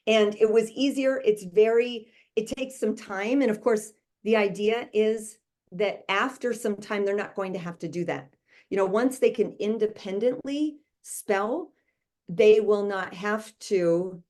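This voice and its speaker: A woman's voice: mid-range voice, darkish tone. A woman tutor explaining a spelling method step by step, patient and conversational with some fillers. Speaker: literacy tutor. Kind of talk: instructional explanation.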